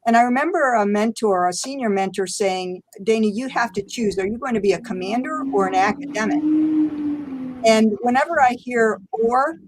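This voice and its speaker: A woman's voice: on the high side, normal speed. Woman, older, from the United States, interview guest, reflective, laughs often, storytelling. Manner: reflective, laughs often, acts out quoted voices.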